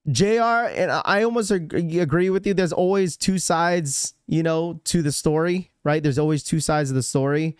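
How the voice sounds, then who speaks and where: A man's voice: a little high, normal speed, few pauses, clean tone, no room sound, studio quality. A young man hosting a casual livestream, reading out chat messages and rambling with lots of fillers and repeats. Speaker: livestream host.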